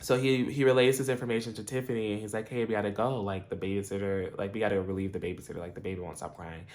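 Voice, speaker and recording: A young man casually recapping a TV episode, animated and laughing, acting out the characters' lines. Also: lowish voice, rapid-fire. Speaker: TV episode reviewer.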